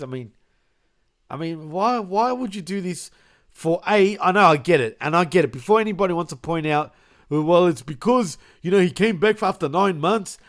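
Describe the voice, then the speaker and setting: A man's voice: fairly high pitch, fairly bright tone. A man co-hosting a crude, casual podcast chat, laughing often and saying "bro" a lot. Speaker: podcast co-host.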